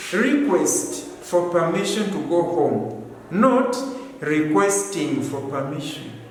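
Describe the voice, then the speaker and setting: Echoey man teaching from far off. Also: mid-range voice. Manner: emphatic, repeating key points. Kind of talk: classroom lesson.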